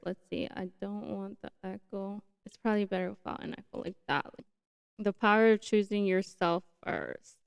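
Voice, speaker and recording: A woman's voice: mid-range voice, moderate pace, vocal fry, clean tone, dry recording. Chatty young woman podcast host. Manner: chatty, excitable, says like a lot. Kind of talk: casual solo podcast chat. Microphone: new podcast mic setup.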